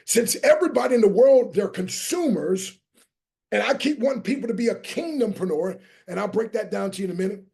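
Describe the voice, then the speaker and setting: A man gives a motivational business talk in a high, raised voice, delivered like a sermon. His tone has a gravelly edge of fry. He drives his points home and rallies his listeners to answer him. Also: expressive, a little fast, darkish tone. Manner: preacher-like, emphatic, rallies listeners; spells out key words letter by letter. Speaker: guest motivational speaker. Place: online training session.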